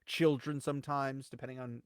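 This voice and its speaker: A man co-hosting a casual commentary chat, rambling and animated, swinging between loud bursts and quiet asides. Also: medium pitch, brisk, clear, resonant tone, dry recording, clean studio sound. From United States. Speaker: co-host.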